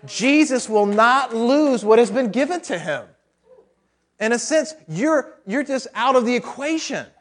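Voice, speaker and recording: Male pastor, high voice, chatty sermon with rhetorical questions and light jokes. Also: expressive, a little slow. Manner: conversational, with rhetorical questions and joking asides.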